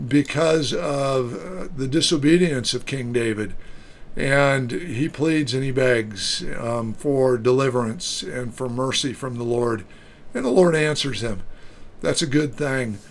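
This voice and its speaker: A man pastor giving an earnest, unhurried devotional talk, reading scripture aloud with occasional fillers. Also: medium pitch. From United States.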